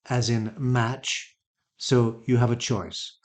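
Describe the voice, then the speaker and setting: A man teaching English pronunciation, saying each model word slowly and carefully, often twice. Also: mid-range voice, a little mellow. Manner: careful, patient, clear articulation of each word. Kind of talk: slow, deliberate teaching with repeated model words.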